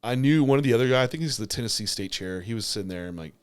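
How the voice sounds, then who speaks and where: A young man co-hosts a podcast, chatting casually and rambling about his bodybuilding competition with plenty of fillers and restarts. His medium-pitched voice is clear and resonant, with lively intonation and a racing pace.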